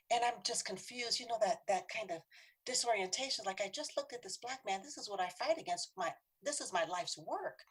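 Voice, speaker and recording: Woman, middle-aged, breathy husky voice, dramatic personal storytelling, whispered asides. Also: mid-range voice. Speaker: speaker on bias.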